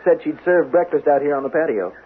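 An actor playing an energetic, cheerful male weekend guest in a 1970s radio drama. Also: fairly high pitch, slight background noise, natural voice. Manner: brisk, cheerful. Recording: narrow-band old radio broadcast.

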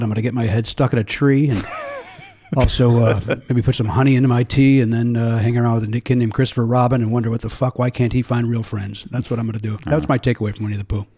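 A man's voice: mid-range voice, mellow. A man from Chicago hosting a casual comedy podcast, joking and swearing freely. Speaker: podcast host. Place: Los Angeles.

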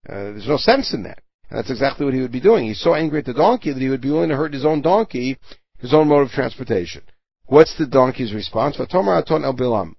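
A man teaches a Torah lesson, reading Hebrew verses and translating each one, then explaining it with everyday comparisons. His voice is gravelly and a little husky. The recording is dry and dull, with no room sound. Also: mid-range voice, expressive, fast, no room sound.

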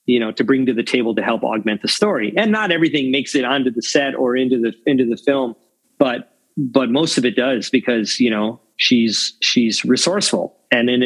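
A man's voice: mid-range voice, husky, low-quality recording. A man talking casually in an interview about cinematography, rambling with many restarts and "you know"s. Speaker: cinematographer guest.

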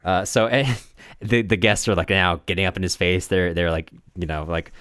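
Low-voiced man rambling through a book recap. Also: fairly bright tone, smooth, dry recording, studio quality. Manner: rambling, halting with many restarts and fillers, laughs often. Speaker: podcast co-host.

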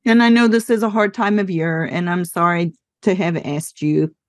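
Woman host, soft reassuring questions, dry close sound. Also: on the low side, fairly even intonation, normal speed, no room sound. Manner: gentle, reassuring. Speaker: podcast host. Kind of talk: sympathetic interview questions.

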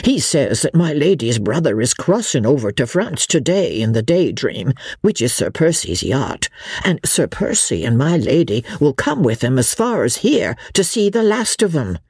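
A woman voicing a deferential old male innkeeper who speaks slowly in a folksy, rustic way. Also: very deep voice, sing-song, a little mellow, slightly rough, dry recording, studio quality, heavily acted.

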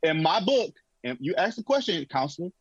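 A man holds forth on basketball in a casual sports debate, his voice husky and his pitch swinging widely as he tells stories. The sound is dry and slightly dull, with faint music underneath. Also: brisk, no room sound. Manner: animated, storytelling with movie references. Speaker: sports talk co-host.

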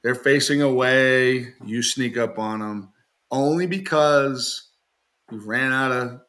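A man with a bright, forceful voice, chatting casually on a podcast. He tells long joking stories, laughs often, and lifts his voice to act out the people he quotes. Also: medium pitch, takes it slowly. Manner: acts out quoted people in raised voice. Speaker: knifemaker guest.

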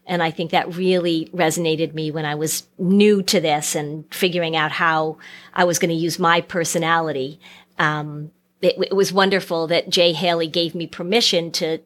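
A middle-aged woman psychotherapist and author, chatting as an interview guest with self-deprecating humor and frequent restarts. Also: on the low side. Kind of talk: casual interview chat.

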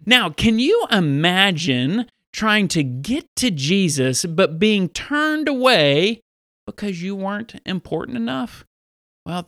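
A male pastor who hosts a Bible podcast, telling stories and teaching preteens in an upbeat, animated way. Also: a little high, dry recording, clean studio sound.

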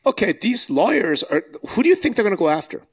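Sitting high with a sing-song, slightly rough quality, this man's voice moves quickly as he co-hosts a laid-back podcast. He makes his points forcefully and directly, peppering them with rhetorical questions.

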